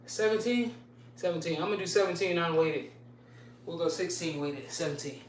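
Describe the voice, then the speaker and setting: During a live workout stream, a woman counts her push-up reps aloud, winded and sighing between sets while trading slangy trash talk. She has a lowish voice at a normal speed, heard far from the mic in an echoey room with a little hiss or hum.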